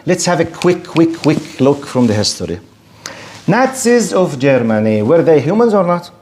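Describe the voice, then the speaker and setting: Animated man giving a religious lecture. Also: on the high side, slight background noise. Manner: animated and rhetorical, mimics objectors in quick asides. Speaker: Islamic lecturer. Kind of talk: lecture to an audience.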